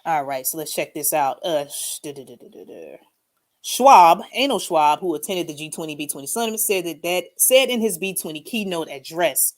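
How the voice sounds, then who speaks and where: A woman's voice: low voice, expressive, normal speed. A woman hosting a casual livestream, commenting emphatically and sarcastically and often tagging her lines with "okay?". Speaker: channel host.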